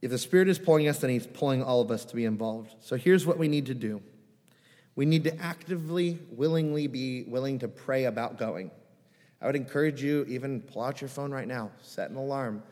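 A man's voice: mid-range voice, fairly quick, darkish tone, big-room sound. A man preaching a sermon as a pastor, earnest and pleading, asking the congregation rhetorical questions in a conversational way. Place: church sanctuary.

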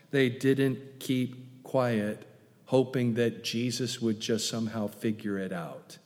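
A male pastor preaching a sermon, urging loudly one moment and dropping to soft, hushed asides the next. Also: medium pitch. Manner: emphatic, swings between loud urging and soft hushed asides. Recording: reverberant hall.

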